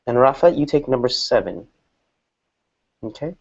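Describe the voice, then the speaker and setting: A man's voice: medium pitch, animated, normal speed, gravelly, slightly rough, dull audio. Male English teacher in a classroom; patient, explains with repeated examples.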